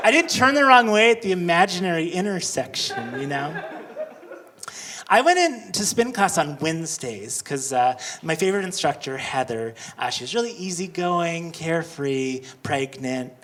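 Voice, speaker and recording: A man doing a stand-up comedy set with awkward, self-deprecating, animated storytelling, on a handheld mic at a live show. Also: fairly high pitch, normal speed, a crowd in the background. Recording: live club recording with background noise.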